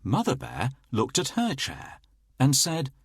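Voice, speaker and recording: A man narrating a bedtime story in a slow, expressive storytelling way. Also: medium pitch, husky, no echo, studio quality.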